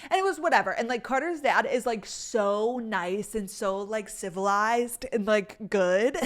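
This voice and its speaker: A woman's voice: mid-range voice, unhurried, hardly any pauses. A young woman vlogger telling a rambling story to her viewers, with lots of filler words and swearing. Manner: rambling, chatty, full of "like" and cursing. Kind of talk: casual storytelling to camera.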